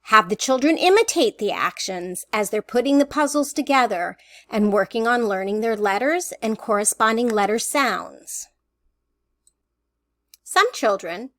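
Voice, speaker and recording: Woman, instructional voice-over, teacherly, fairly high voice. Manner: clear, deliberate teacherly explanation. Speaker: assistive technology presenter.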